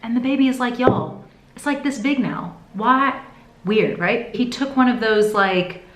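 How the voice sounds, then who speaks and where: A woman talking to camera in a casual vlog, telling her story in a chatty, expressive way. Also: on the high side, measured pace. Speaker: vlogger. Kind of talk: casual pregnancy update vlog. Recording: echoey room.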